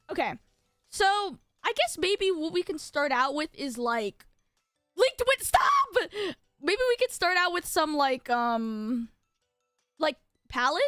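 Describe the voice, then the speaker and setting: A woman's voice: high-pitched, fairly bright tone, no echo, studio quality. A young adult woman streaming as a VTuber, chatting casually and bubbly with lots of filler words while she designs. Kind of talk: casual live-stream chat.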